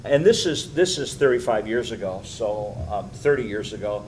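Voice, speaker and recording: An older man, a pastor, teaching a Bible study with animated, chuckling storytelling in a church. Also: fairly low pitch, normal speed, slight background noise, rough recording.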